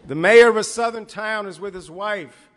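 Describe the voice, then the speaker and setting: A rabbi teaches a Torah class in a synagogue hall, mixing jokes into his lesson. He speaks in a high voice and tells his stories in a lively, emphatic way. His voice carries the long reverb of a large hall. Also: moderate pace.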